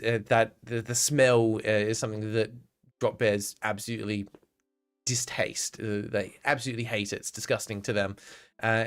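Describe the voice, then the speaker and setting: A man's voice: medium pitch, smooth. An Australian man chatting casually on a live stream, laughing often and answering his chat.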